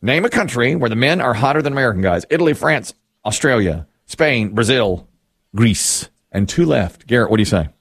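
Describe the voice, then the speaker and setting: A man's voice: medium pitch, brisk, husky. A man hosting a quiz game, reading answers and joking with the players. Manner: lively, joking, animated. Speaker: game show host.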